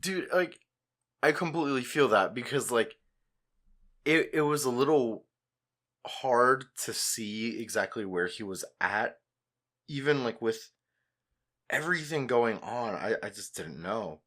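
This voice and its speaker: A man co-hosting a podcast in casual chat, measured and reflective as he talks things over. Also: medium pitch, expressive, fairly bright tone. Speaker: podcast co-host.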